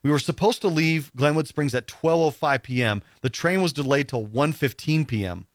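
A man's voice: on the high side, moderate pace, dry recording, clean studio sound. Rambling, casual male storyteller. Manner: rambling, full of "you know" and "like" fillers; acts out other people's lines in the telling.

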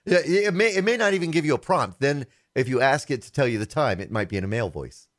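A chatty male tech podcast co-host whose pitch swings up and down as he talks. He teases his partner and laughs easily. The sound is close and dry, with no room around it. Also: expressive, fast talker, no echo. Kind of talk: casual podcast chat.

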